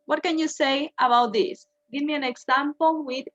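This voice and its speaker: A woman's voice: high voice, normal speed, few pauses, a bit bright, highs cut off. A woman teaching English grammar, patiently repeating each point and translating it. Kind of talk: bilingual grammar lesson.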